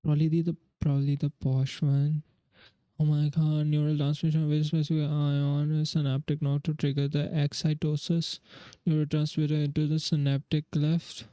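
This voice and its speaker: A man's voice: a little high, monotone, normal speed, warm tone, dry recording. A young man from India, streaming live and thinking aloud as he works through quiz questions in casual chat. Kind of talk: casual livestream chat while studying.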